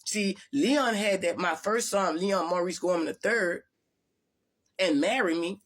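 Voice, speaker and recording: A woman's voice: lowish voice, measured pace. A woman vlogger telling her story to viewers in a blunt, profane, rambling way with many restarts. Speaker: spiritual vlogger.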